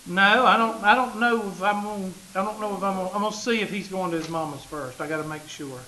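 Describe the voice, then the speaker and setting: A man's voice: high-pitched, fast, pushed and bright, slight background noise, poor audio. A man, a math teacher talking casually and joking with his class in a classroom. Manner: joking, folksy, talks straight to the class.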